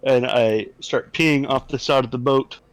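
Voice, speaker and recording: Slow, hesitant male player. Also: medium pitch, steady tone, no echo, rough recording. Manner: hesitant, throat-clearing. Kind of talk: tabletop game play.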